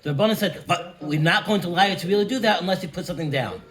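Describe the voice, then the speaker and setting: A study-group member explains his point in a measured way, building it step by step. His voice sits slightly high. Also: a bit bright. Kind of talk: Talmudic study discussion.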